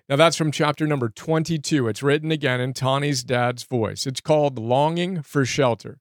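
A man's voice: mid-range voice, normal speed, hardly any pauses, dry recording. Brief: a sincere, earnest man reading from a book and reviewing it as host, dry and close.

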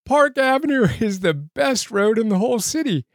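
A man voicing a jubilant, warm male pastor who talks in excited, emphatic bursts. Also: sits high, normal speed, dry recording, studio quality, voice pushed up.

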